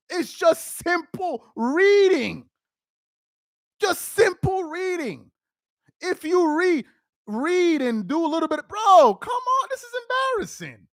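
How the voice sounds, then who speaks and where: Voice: high voice, fairly bright tone, no room sound, clean studio sound. A livestream host giving live reaction commentary, emphatic and repeating phrases for effect.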